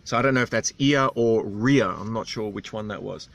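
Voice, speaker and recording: A man's voice: lowish voice, moderate pace, gravelly, fairly bright tone. Casual Australian man vlogging. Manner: rambling, candid, self-deprecating. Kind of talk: casual vlog storytelling.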